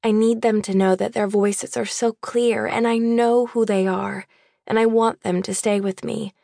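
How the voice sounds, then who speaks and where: Slow, gravelly-voiced woman narrating softly. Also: on the high side, steady tone, no echo, studio quality. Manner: soft, measured, intimate. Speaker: audiobook narrator. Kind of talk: scripted first-person novel narration. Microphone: close studio mic.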